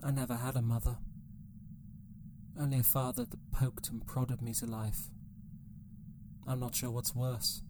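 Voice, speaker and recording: An actor playing a cold, manipulative male ship computer who speaks in a calm, coaxing, measured way. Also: mid-range voice, noisy background, lightly acted. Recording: music playing under the voice.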